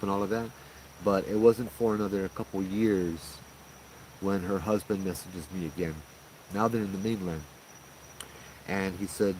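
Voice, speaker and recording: A man, casually retelling a paranormal encounter as host, in an animated, conversational way. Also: low-pitched, normal speed, long pauses, a little hiss or hum, rough recording. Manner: animated, conversational retelling with frequent "you know" and "right?". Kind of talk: casual spoken ghost story.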